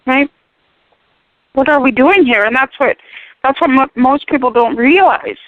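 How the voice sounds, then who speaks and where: A woman's voice: high-pitched, unhurried, no room sound. A woman speaking as a radio guest in an impassioned, preachy, emphatic way. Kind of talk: animated talk radio discussion. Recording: tinny phone-line radio audio.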